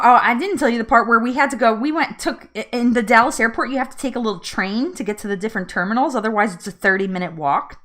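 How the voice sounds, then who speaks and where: A woman's voice: fairly high pitch, sharp tone. A woman hosting a live weight loss chat, telling a story casually, laughing often and acting out her own pleas.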